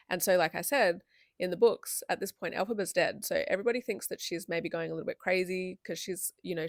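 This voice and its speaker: A woman's voice: lowish voice, creaky, dry recording, studio quality. A young adult woman giving a chatty, candid video essay with frequent asides.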